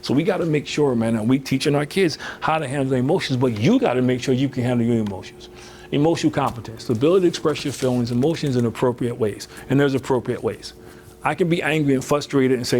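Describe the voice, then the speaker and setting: A man's voice: medium pitch, fast, a little mellow, slight background noise. A man giving a motivational workshop talk in a conversational way, filling with "you know" and acting out quoted voices. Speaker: motivational speaker.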